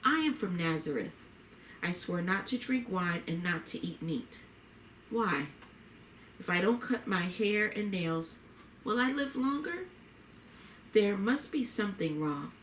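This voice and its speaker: A woman's voice: mid-range voice, lively intonation, a little slow, pauses often, a bit bright, slight background noise. A woman reading the lines of a troubled, remorseful old priest in a story, in an earnest, pleading way. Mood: brooding. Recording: roomy echo.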